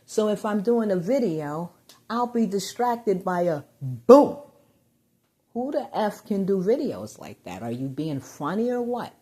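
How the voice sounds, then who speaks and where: A woman venting in a rambling personal vlog, getting agitated and loud when riled. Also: medium pitch, sing-song, measured pace, husky. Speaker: vlogger.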